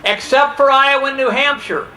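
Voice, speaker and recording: A man's voice: very high-pitched, moderate pace, sharp tone, low-quality recording. Fired-up man giving a heated speech. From Ohio, USA. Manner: heated, acts out quoted exchanges. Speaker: political speaker. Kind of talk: impassioned speech.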